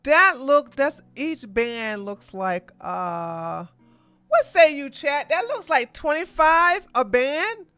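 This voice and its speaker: A woman hosting a live political commentary stream, animated and sarcastic, exclaiming and talking to her chat. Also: sits high, slow pace, no room sound. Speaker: podcast host.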